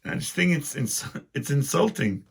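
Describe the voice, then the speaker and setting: A man's voice: mid-range voice, measured pace, creaky, a bit bright. A man hosting a solo podcast, rambling casually through wry, self-deprecating complaints. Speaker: podcast host.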